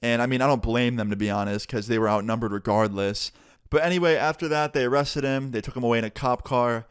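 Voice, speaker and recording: A young man telling a storytime vlog in a casual, animated way, swearing freely, recorded on a close mic. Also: medium pitch, fast, clean tone, dry recording. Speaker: vlogger.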